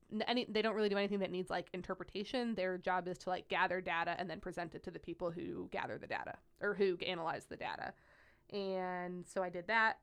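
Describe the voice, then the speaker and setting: A young woman working as a pediatric nurse, telling stories in an animated interview with many "like" fillers. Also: mid-range voice, smooth. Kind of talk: conversational interview storytelling.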